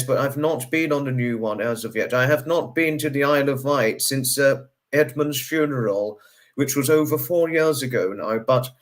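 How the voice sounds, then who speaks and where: A man, hosting a casual livestream and reading out viewer comments in a chatty way, greeting each viewer with sudden high bursts. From United Kingdom. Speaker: livestream host.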